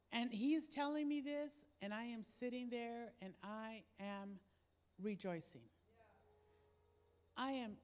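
Brief: woman pastor, fairly high voice, sermon told as a story, long hall reverb. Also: darkish tone. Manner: conversational storytelling, acting out quoted dialogue.

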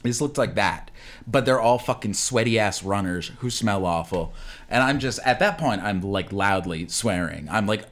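Man co-host, heated profane rant, pitch leaping all over. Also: lively intonation, a little slow. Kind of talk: casual ranting chat.

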